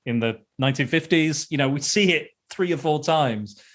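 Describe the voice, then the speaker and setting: A man's voice: on the high side, moderate pace, fairly bright tone. Rambling male podcast host. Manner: rambling, repeats himself, restarts phrases. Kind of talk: casual film review chat.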